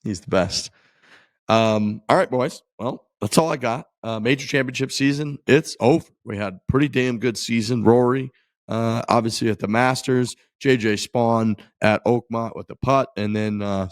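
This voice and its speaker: A man co-hosting a golf podcast in relaxed casual chat, wrapping up the episode. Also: on the low side, no room sound, studio quality. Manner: relaxed, wraps up the show. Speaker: podcast co-host.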